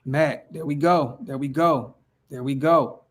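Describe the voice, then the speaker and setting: A man's voice: a little high, steady tone, a little slow. A man from Northern California hosting a casual fan livestream, reading viewer comments aloud in a hyped, slangy way and repeating his phrases. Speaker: fan channel livestream host.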